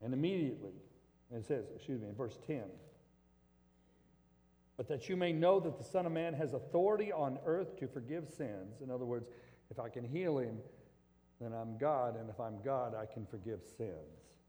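A man preaching a sermon, swinging between loud emphatic stretches and quiet, low scripture reading. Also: expressive, moderate pace. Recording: long reverb of a large hall.

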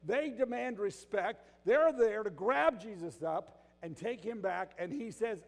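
Older pastor, swings from loud and emphatic to hushed, fairly high voice for a man, echoey hall. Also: animated, normal speed. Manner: swings between loud emphatic bursts and quiet, hushed stretches. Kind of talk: sermon.

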